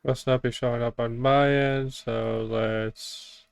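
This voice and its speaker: Super slow smooth-voiced guy muttering to himself, dead dry sound. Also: medium pitch, level tone, dry recording. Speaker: player. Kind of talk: casual chat at the gaming table.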